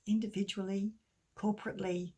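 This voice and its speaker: A middle-aged woman giving a gentle sermon with a children's story, often dropping to a soft near-whisper. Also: medium pitch, flat delivery, fairly quick, husky. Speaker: church speaker.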